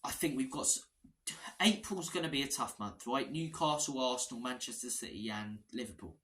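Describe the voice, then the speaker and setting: A man's voice: mid-range voice, brisk. A man hosting a football fan channel, talking through his team's tactics in a passionate, chatty way. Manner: passionate, chatty, repeats words when excited. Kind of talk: casual fan analysis vlog.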